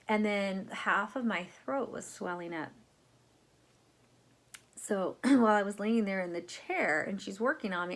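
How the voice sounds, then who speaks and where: A middle-aged woman talks to her camera like she is catching up with a friend. She rambles and stacks up fillers. She acts out what people said to her, all at an ordinary middle pitch. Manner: chatty, rambling, with frequent fillers and acted-out quotes. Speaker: crafting vlogger. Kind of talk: casual storytelling to camera.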